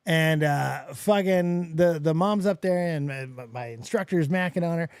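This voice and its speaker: A man in his forties from Las Vegas hosting a podcast, telling stories in a profane, animated way. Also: fairly high pitch, moderate pace, clear, resonant tone, no echo, studio quality. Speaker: podcast host. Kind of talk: casual chat.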